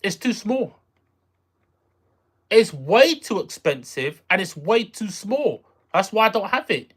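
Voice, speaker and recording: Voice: mid-range voice, big pitch swings, takes it slowly, fairly bright tone, husky. A streamer chatting casually with viewers on a live stream, rambling, repeating phrases and trailing off while searching for words. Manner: reacts aloud to viewer messages. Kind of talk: casual livestream chat with viewers.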